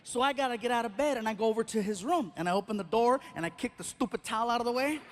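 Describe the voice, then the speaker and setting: Rapid-fire and very high-voiced, a middle-aged man works a live stand-up stage. Expect animated storytelling, heavy exaggeration, and punchlines.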